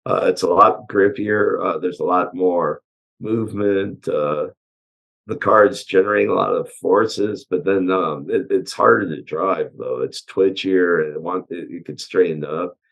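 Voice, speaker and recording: A man with a hoarse voice from allergies, a chassis engineer guest answering interview questions in a relaxed way, with many pauses and "uh"s. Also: sits low. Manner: relaxed, hesitant with frequent "uh" and "um". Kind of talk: casual technical interview answers.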